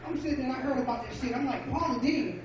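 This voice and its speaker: A man's voice: very high voice, steady tone, very fast, background noise. A man from Rochester, New York, telling loose, profane stand-up stories at a café open mic. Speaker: stand-up comedian. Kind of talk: stand-up comedy set. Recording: echoey, lo-fi room from far off.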